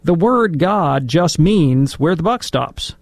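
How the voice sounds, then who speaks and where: Chatty gravelly-voiced man on a call-in show. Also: a little high, animated, slow, no room sound. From Alabama, US. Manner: chatty, digressive, laughing at his own tangents. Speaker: Catholic radio show guest expert. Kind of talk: casual call-in radio Q&A. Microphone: studio microphone.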